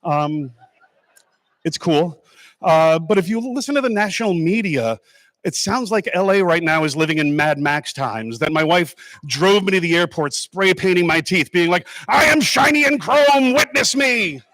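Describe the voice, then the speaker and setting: A man gives a comic speech on stage at an awards ceremony, telling stories in an animated way that breaks into sudden loud bursts. His voice sits fairly high for a man. The sound is dry and close, with no echo. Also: normal speed.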